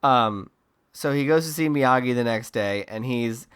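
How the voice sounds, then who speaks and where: A man's voice: medium pitch, unhurried, fairly bright tone, clean tone. A man co-hosting a podcast, recapping a movie in casual chat with sarcastic asides and silly character voices. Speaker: podcast co-host.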